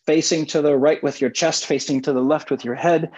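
Husky male physical therapist, playful and self-mocking, leading exercises over dull video-call audio. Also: fairly high pitch, steady tone, fairly quick, a little mellow. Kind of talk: guided exercise instruction.

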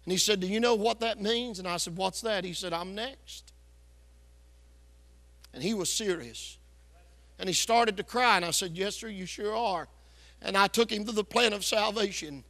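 A man preaching a revival sermon, telling a story loudly and with hard-driving force. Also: high voice, normal speed. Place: church sanctuary. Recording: echoey church hall.

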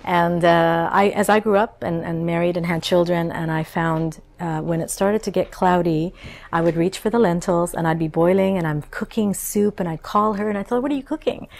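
A woman's voice: on the low side, fairly even intonation, brisk, creaky. A middle-aged woman, a chef and cookbook author, recalling her childhood in a storytelling interview. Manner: warm storytelling, acts out childhood voices. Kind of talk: interview conversation.

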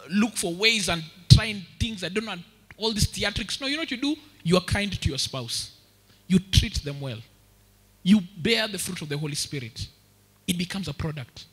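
A man with a Kenyan accent preaching a sermon, telling lively stories and mixing English with Swahili. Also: high voice, breathy edge. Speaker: pastor. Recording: reverberant church hall.

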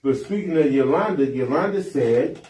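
A man co-hosting a casual podcast, talking in an expressive, emphatic way. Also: on the high side, normal speed. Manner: expressive and emphatic, bursts into loud laughter. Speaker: podcast co-host. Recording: echoey room, mic set far off.

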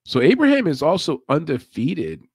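A man's voice: fairly high pitch, wildly swooping pitch, moderate pace, a little mellow, slightly rough, no room sound. A man hosting a casual live show, talking loosely with many laughs and asides. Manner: laid-back, chatty, laughs often. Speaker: podcast host.

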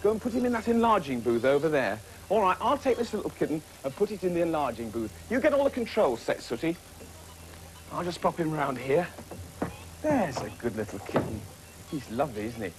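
A young man presenting a children's puppet show, talking in an animated, playful, exclaiming way. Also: a little high, brisk, noisy background.

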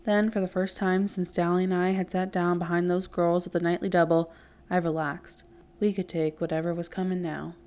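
Woman, teacher, reading a novel aloud, earnest, fairly low voice. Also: darkish tone. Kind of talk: audiobook read-aloud with character voices.

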